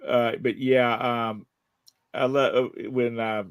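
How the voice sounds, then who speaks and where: A man's voice: mid-range voice, flat delivery, takes it slowly, clean tone, dry recording. An older man hosting a casual political chat, rambling with fillers and chuckles. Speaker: host.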